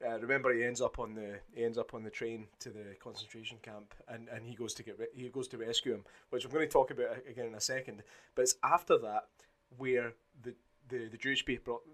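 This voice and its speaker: Blunt man chatting about films. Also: medium pitch. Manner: animated and blunt, swears casually, acts out scenes. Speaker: podcast co-host. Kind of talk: casual film discussion.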